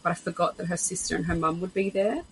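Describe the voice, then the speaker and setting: A woman's voice: fairly low pitch, fairly even intonation, fast, a bit bright, slight background noise, poor audio. Chatty woman hosting a podcast. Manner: chatty, acts out quoted voices in her stories. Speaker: podcast host. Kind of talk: conversational podcast interview.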